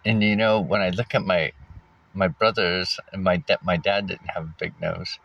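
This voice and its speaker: Deep-voiced man telling his story haltingly. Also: steady tone, vocal fry, fairly bright tone. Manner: halting, frequent fillers and restarts, wry laughs. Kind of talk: casual personal storytelling. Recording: dull lo-fi recording.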